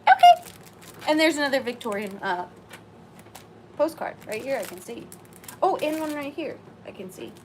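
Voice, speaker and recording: A woman hosting a live-stream sale, chatting excitedly and greeting viewers by name. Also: sits high, normal speed, long pauses, noisy background. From Southern US.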